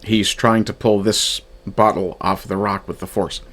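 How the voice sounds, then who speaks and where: A man's voice: on the low side, level tone, unhurried, a bit bright. A man casually reviewing a fan film from his notes, thinking aloud with frequent fillers and restarts. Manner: reads from his own notes. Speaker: media reviewer.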